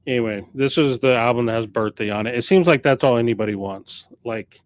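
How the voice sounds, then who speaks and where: A man's voice: medium pitch, a little fast, dry recording. A man who owns a record store, chatting off the cuff on a live stream about new arrivals, often correcting himself mid-sentence. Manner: rambling, off-the-cuff, self-correcting. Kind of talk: casual live-stream chat.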